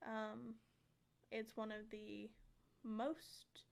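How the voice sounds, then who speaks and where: Woman co-host, slightly high voice, faint Southern lilt, fact-reading with lots of ums. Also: flat delivery, extremely slow, gravelly. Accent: slight Southern US lilt at times. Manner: reads facts with frequent ums. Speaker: podcast co-host. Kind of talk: casual podcast chat.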